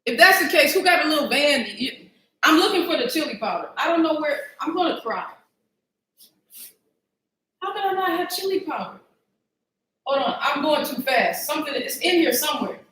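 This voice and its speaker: A woman's voice: high voice, animated, moderate pace, long pauses, fairly bright tone, echoey room. A woman hosting a casual live cooking stream, chatty and self-mocking as she talks to her viewers from a home kitchen. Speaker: cooking show host.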